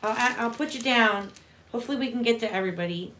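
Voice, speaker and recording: A woman's voice: on the high side, quick pace, fairly bright tone, a little hiss or hum. Chatty woman reading tarot live. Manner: chatty, addresses viewers as honey. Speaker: tarot reader and livestream host.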